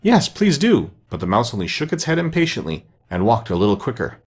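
A man's voice: lowish voice, very animated, fast talker. A man reading a classic children's story aloud, narrating expressively. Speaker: reader.

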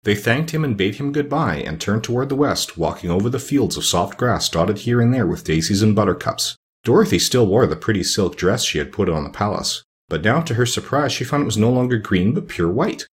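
A man's voice: fairly low pitch, a little fast, hardly any pauses. A man reading a children's storybook aloud as narrator, voicing each character in turn. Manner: expressive, voices each character. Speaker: audiobook reader.

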